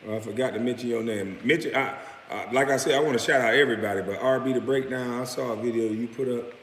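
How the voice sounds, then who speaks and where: A former pro basketball player in his late thirties rants in a heated, profane, mocking way. He talks fast in a mid-range voice, recorded in an echoey room with long reverb and faint noise.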